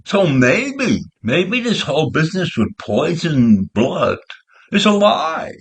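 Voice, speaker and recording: An older man talks straight to his listeners in a one-man rant, firing off indignant rhetorical questions. His voice sits high and gravelly, with a rough fry under it. His pitch rises and falls widely as his outrage builds. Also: fairly bright tone. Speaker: commentator. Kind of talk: political rant monologue.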